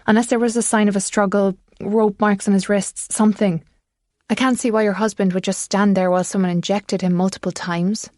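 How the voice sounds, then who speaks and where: A woman's voice: medium pitch, steady tone, a little fast, darkish tone, dry recording, clean studio sound, natural voice. A woman voicing a firm, guarded woman vet. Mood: reasoning.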